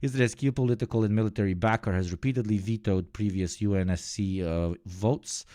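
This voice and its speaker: Man, live-stream commentary, sardonic, swears, low voice, dry close mic. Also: brisk, dry recording. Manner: sardonic, swears, swings from low mutter to loud outbursts. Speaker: political streamer reacting to news.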